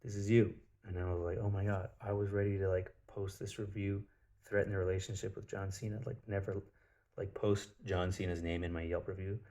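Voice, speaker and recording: A man's voice: sits low, little pitch movement, brisk, dark tone. A man telling a personal story in a casual spiritual monologue, blunt and profane, with lots of filler words.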